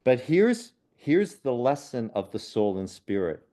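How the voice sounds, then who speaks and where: A man, a spiritual medium and podcast guest, telling personal stories in an earnest, unhurried way. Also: mid-range voice, sing-song. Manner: earnest, unhurried, with soft laughs and restarts. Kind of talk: reflective personal storytelling in a podcast conversation.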